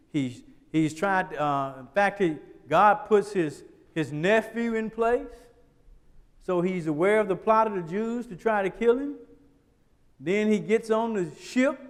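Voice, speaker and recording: A man's voice: sits high, in a large hall. A man teaching a Bible class in a church, talking conversationally, often checking in with the class and repeating words as he thinks.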